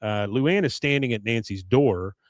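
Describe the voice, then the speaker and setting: A man, a podcast co-host, recapping an episode in a rambling, casual way; his voice is going hoarse and he keeps clearing his throat. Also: mid-range voice, moderate pace, no echo, clean studio sound.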